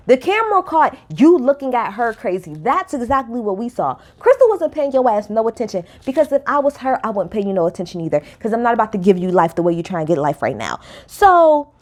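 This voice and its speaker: A woman's voice: on the high side, a little mellow. A woman recapping a reality show in a sassy, ranting vlog with heavy cursing. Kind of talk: casual recap commentary.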